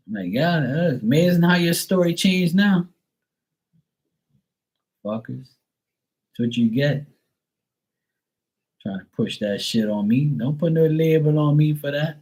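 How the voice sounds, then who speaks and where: A man's voice: a little high, lively intonation, measured pace, long pauses, a little mellow, rough recording. A man hosting a live tarot reading stream, talking casually, bluntly and with frequent swearing. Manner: blunt, profane and candid.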